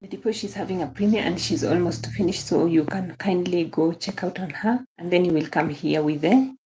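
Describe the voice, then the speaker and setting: A woman's voice: lowish voice, a little fast, dark tone, slight background noise. A young Kenyan woman hosting a casual livestream, greeting viewers by name and gushing praise and thanks, repeating her phrases. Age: young adult. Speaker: livestream host.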